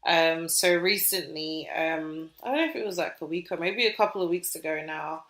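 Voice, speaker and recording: A woman with a British accent co-hosting a podcast, telling stories in a chatty, animated way with lots of fillers. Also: deep voice, moderate pace, roomy sound. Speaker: podcast co-host. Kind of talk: casual podcast chat.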